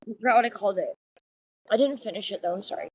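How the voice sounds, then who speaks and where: A woman's voice: medium pitch, rapid-fire, a little mellow, husky, no echo, highs cut off. A woman co-hosting a podcast, chatting casually and rambling, with lots of fillers. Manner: rambling, chatty, full of fillers and acted quotes. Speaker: podcast co-host. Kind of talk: casual chat.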